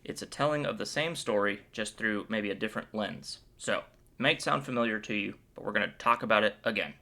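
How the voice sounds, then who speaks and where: A man's voice: fairly low pitch, brisk, gravelly, sharp tone. A man hosting a casual Bible commentary, upbeat and playful, cracking jokes as he retells the chapter. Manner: playful and joking; upbeat and enthusiastic. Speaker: Bible video host.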